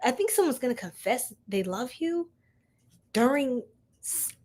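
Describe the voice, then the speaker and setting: A woman's voice: high voice, expressive, a little slow, darkish tone. A young woman giving a chatty live-stream tarot reading, laughing often and talking straight to her viewers in slang. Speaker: tarot reader.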